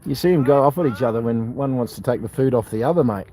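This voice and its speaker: A man's voice: medium pitch, fast talker, dark tone. Blunt matey Australian man outdoors. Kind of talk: casual outdoor chat.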